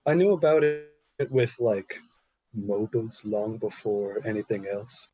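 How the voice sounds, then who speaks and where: A man's voice: fairly low pitch, unhurried, dark tone, rough recording. A young man co-hosting a casual podcast, joking and sarcastic. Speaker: podcast co-host.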